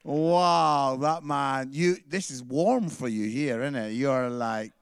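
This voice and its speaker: A man's voice: medium pitch, slow pace, vocal fry, clear, resonant tone, no room sound, clean studio sound. A Scottish man performing a stand-up comedy set, bantering playfully with the crowd. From Scotland.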